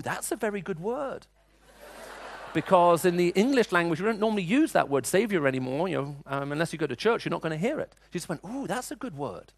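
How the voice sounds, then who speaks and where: A middle-aged man with a slightly high voice delivers a sermon built around personal stories, keeping it conversational and restarting his sentences often. No echo can be heard.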